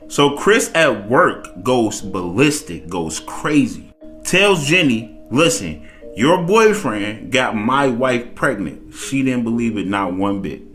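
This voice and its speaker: A man's voice: medium pitch, a bit bright. A man casually retelling a dramatic cheating story, acting out the quoted lines as he goes.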